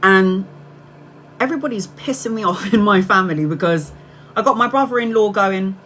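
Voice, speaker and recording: A middle-aged woman hosts a tarot livestream, talking straight to her viewers. She tells her story in a chatty, candid way and swears casually. Her voice sits at an average pitch, with a faint noise behind it. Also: normal speed, a bit bright, rough recording. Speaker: tarot reader livestream host.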